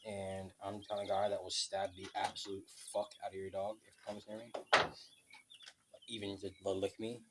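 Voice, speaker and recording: A man's voice: low voice, flat delivery, moderate pace, heavy background noise. A man in a casual vlog rant, telling stories bluntly and swearing a lot, outdoors by a road. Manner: profane, blunt, storytelling. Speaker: vlogger.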